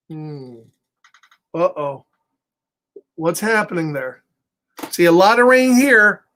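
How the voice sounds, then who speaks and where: Man, children's story time host, slow and gentle, animated, chatty, laughs a lot. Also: high voice. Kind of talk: reading a picture book to children online.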